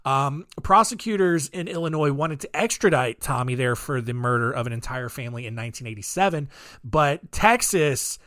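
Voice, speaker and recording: A man's voice: medium pitch, lively intonation, normal speed, fairly bright tone, dry recording, clean studio sound. A man hosting a podcast, telling true-crime stories in a casual, jokey, rambling way with lots of "um"s and asides. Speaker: podcast host.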